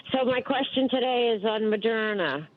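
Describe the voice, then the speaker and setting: A woman's voice: on the high side, expressive, a little slow, narrow, tinny audio, slight background noise. A woman calling in to a TV show with a question, friendly and chatty. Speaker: caller. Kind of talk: call-in question.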